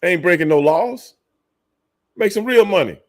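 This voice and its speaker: Blunt, animated man chatting on a livestream. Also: high-pitched, a little slow. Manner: blunt, profane and animated, laughing often; talks to chat viewers by name. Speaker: livestream host and former wrestler. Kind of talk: casual livestream chat.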